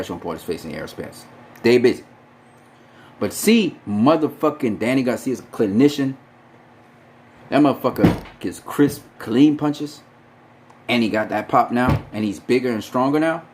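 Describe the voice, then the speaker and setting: Man, casual boxing commentary, profane, emphatic, repeats himself, lively pitch. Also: slight background noise. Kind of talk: casual opinion monologue.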